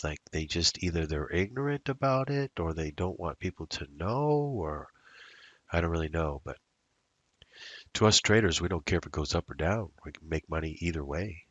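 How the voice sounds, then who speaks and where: A man's voice: deep voice, fairly bright tone, husky, dry recording. A man day trading at his computer, narrating his moves in a rambling, casual way full of fillers. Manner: rambling, muttering to himself with fillers. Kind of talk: casual live trading commentary.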